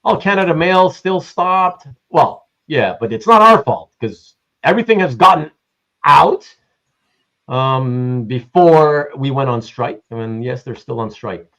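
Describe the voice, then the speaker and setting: A man hosting a casual livestream who greets viewers and reads the chat aloud in a rambling, animated way. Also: mid-range voice, a little slow, dull audio. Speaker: livestream host.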